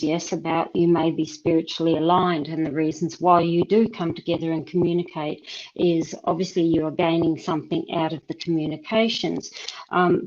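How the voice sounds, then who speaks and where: A woman's voice: lowish voice, darkish tone, highs cut off. A woman with a Tasmanian Australian accent hosting a live stream, chatting as she reads tea leaf charms, thinking aloud with many ums. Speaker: host and tea leaf reader. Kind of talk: live-stream reading chat.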